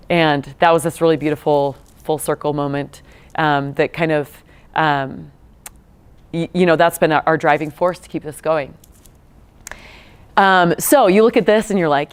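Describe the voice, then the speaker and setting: Speaking at a steady, moderate pace, the woman has a low, clean-toned voice. She's in her thirties, a nonprofit co-founder visiting a lecture room as a guest speaker, and her storytelling to the students is conversational, packed with fillers and restarts.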